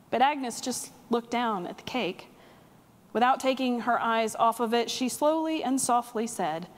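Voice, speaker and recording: A woman's voice: a little high, normal speed. A woman pastor preaching a sermon, telling a story vividly with acted dialogue. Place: church sanctuary. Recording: long-reverb church sanctuary.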